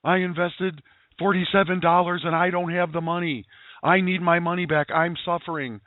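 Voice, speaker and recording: A frantic, broke newcomer wails for a refund in a high, strained voice, as a man puts him on. The pleading comes through a tinny, phone-like line with a dry, close sound. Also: fairly even intonation, normal speed, no echo, lightly acted. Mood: desperate. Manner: pleading, wailing complaint. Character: panicking broke new investor demanding a refund.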